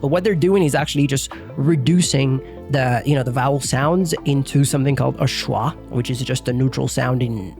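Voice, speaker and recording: A man's voice: fairly high pitch, darkish tone. Chatty young man teaching English. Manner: chatty, loose, lots of fillers and mild swearing. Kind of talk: casual video lesson.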